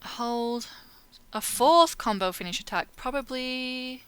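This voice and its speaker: A woman's voice: mid-range voice, moderate pace, bright, forceful tone. A woman playing a video game and talking casually over it, chatty and self-mocking, now and then swearing at the game. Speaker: gaming video host. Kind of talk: casual let's play commentary.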